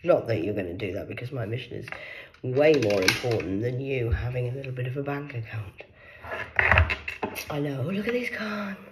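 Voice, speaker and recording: A British woman vlogging in a rambling live monologue, defiant and boastful, swearing freely and swinging from hushed whispers to loud excited outbursts. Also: extremely low pitch, moderate pace, long pauses, very noisy. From United Kingdom.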